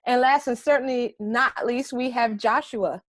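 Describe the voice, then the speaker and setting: A woman's voice: a little high, a little slow, no room sound, clean studio sound. A woman hosting a podcast panel in an upbeat, enthusiastic way, speaking over a video call. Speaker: panel host.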